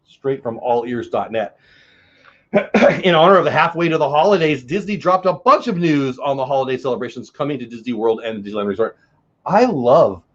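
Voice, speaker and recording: A man's voice: fairly high pitch, muffled recording. Joking middle-aged man hosting a news chat. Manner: joking, self-mocking, reads articles aloud. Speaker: host. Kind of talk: casual news chat show.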